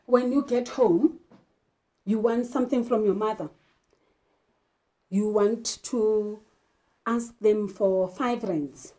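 A woman's voice: medium pitch, slow, pauses often, mellow. A woman teacher from South Africa giving an English literature lesson, emphatic and asking rhetorical questions. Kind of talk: classroom lesson.

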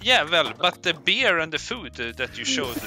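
A man's voice: a little high, big pitch swings, normal speed, over music. A man chatting casually and a bit hesitantly. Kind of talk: casual chat.

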